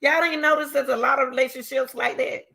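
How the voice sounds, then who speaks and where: A middle-aged woman talking straight to her viewers in casual commentary, reading scripture between emphatic, repeated remarks in a loud, teacherly way. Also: sits high, fairly even intonation, fairly quick, creaky. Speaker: YouTuber.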